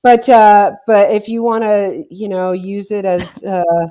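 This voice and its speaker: A woman's voice: medium pitch, flat delivery, unhurried, warm tone. A woman hosting a casual podcast chat with friends, playful and bossy, often laughing. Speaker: podcast host.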